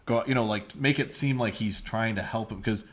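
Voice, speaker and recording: A man's voice: fairly low pitch, brisk. A man co-hosting a casual podcast, joking and steering the talk. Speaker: podcast co-host. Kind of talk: casual chat.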